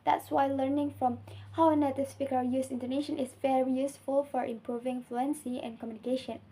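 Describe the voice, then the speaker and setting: Young woman, Indonesian accent, student reading an assignment, high voice, mellow tone, faint background hiss. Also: flat delivery, brisk, poor audio. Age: young adult. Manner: careful, earnest reading with small slips.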